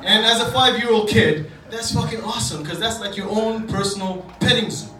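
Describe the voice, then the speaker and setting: High-voiced comedian from Djibouti on stage. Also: male voice, fairly even intonation, brisk, recorded from a distance, heavy background noise. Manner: casual, profane, self-deprecating storytelling to a live audience. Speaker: stand-up comedian. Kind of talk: stand-up comedy routine. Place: comedy club stage with audience laughter. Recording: echoey club recorded from afar, loud ambience.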